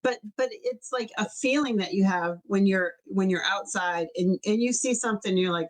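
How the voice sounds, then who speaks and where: This woman co-hosts a casual podcast and reflects out loud in a relaxed way. She often circles back and restarts as she searches for words, in an even, middle-pitched voice. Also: normal speed, hardly any pauses, low-quality recording. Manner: thoughtful, searching for words, lots of fillers and restarts. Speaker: podcast co-host. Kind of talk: casual chat.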